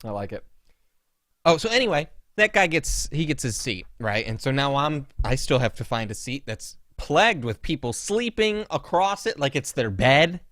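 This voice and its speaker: A man hosting a podcast, telling everyday stories in a casual, grumbling, animated way. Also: normal speed, no echo, studio quality. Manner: animated, swooping pitch, grumbling rants. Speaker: podcast host. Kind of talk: casual storytelling chat.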